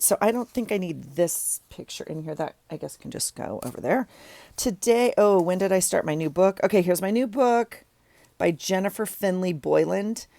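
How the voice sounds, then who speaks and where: A middle-aged woman with a low, gravelly voice chats casually as she glues things into her journal. She rambles and pokes fun at herself between tasks. The sound is dry and close to the mic. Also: a little mellow, no room sound. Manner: chatty, rambling, self-deprecating asides. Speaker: journaling vlogger. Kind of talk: casual chat while crafting.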